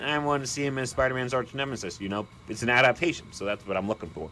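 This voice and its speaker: A man delivering ranking commentary in an animated, exasperated ranting manner. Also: medium pitch, fast, a little hiss or hum. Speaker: video commentator.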